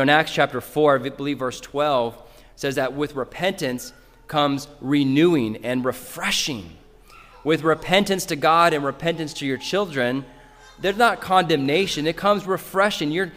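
A man's voice: fairly high pitch, measured pace, fairly bright tone, long reverb tail. A man preaching a sermon in a church, earnestly addressing parents directly. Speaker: pastor.

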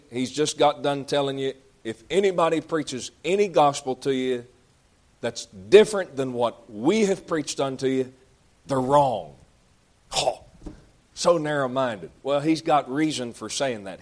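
A man's voice: mid-range voice, normal speed, darkish tone. A man preaching a sermon, reading scripture aloud and explaining it in folksy, conversational asides.

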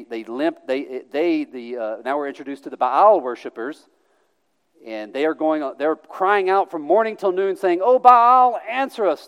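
A man's voice: mid-range voice, smooth. A man preaching in a reverberant hall. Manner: emphatic, with sarcastic mock voices and restarts. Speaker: pastor. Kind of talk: sermon.

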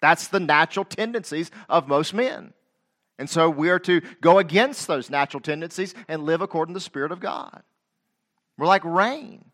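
Emphatic middle-aged male preacher, bright voice. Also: fairly high pitch, lively intonation, moderate pace. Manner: emphatic preaching, rises to loud King James quotations; repeats phrases, direct questions to the congregation. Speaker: pastor. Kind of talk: sermon.

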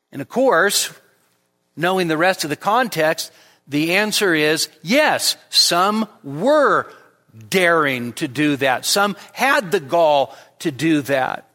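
High-voiced, bright pastor preaching in an echoey hall. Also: male voice, animated, slow. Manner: emphatic teaching with frequent restarts and stammers. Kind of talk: expository sermon. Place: church hall.

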